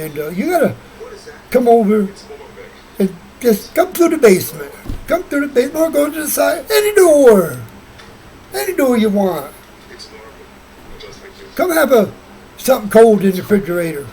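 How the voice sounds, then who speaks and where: Rambling man with a high, lively voice. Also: normal speed, pauses often, poor audio. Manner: rambling, repeats himself, restarts often. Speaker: vlogger. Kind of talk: rambling casual monologue.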